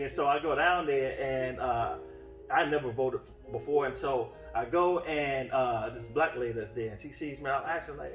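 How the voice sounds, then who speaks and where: A man's voice: medium pitch, moderate pace. A man preaching a sermon in an earnest way, often restarting his phrases, heard from some distance in a roomy space with faint music behind. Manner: earnest, with frequent restarts and fillers. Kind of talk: sermon teaching. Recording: roomy echo from off-mic.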